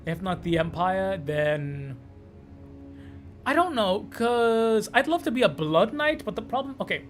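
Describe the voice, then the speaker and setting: A man's voice: high voice, sing-song, measured pace, soft background music. A man from Canada giving loose, sweary, rambling commentary while streaming a game. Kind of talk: casual gameplay commentary.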